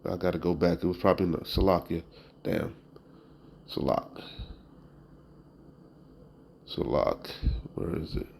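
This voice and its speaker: A man's voice: low voice, measured pace, vocal fry, pauses often, a little mellow, a little hiss or hum, rough recording. Emphatic man preaching from scripture. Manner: reads verses then riffs, constant "you know?" asides; blunt and emphatic, occasional profanity. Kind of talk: street-style scripture teaching.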